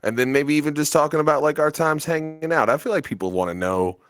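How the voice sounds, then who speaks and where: A man's voice: on the high side, quick pace, a bit bright, faint music behind. A man co-hosting a podcast in casual chat, rambling and teasing, laughing often. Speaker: podcast co-host. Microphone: webcam setup at home.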